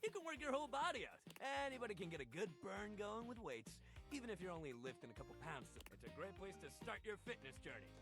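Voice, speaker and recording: A man's voice: high-pitched, very animated, quick pace, music in the background. An actor voicing a cheerful, confident male dumbbell fitness coach in a video game, talking in upbeat coaching slang. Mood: encouraging.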